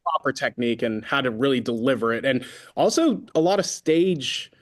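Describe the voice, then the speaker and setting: Talking at a moderate pace in a mid-range voice, this band vocalist from Concord, California, is a guest in a casual interview. He rambles through animated stories, leaning on lots of filler words.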